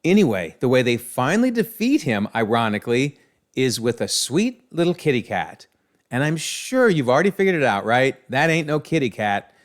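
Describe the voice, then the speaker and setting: A man giving a chatty, animated recap of a comic series as casual video commentary. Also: medium pitch, normal speed.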